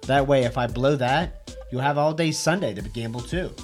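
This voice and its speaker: A man's voice: mid-range voice, normal speed, faint music behind. Male podcast co-host, jokey and teasing, betting talk. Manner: joking, teasing. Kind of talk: casual sports betting chat.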